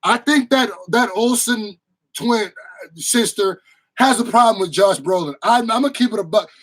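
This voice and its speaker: A man giving an excited, slangy, casual movie review with bursts of shouting and laughter. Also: sits high, normal speed, low-quality recording.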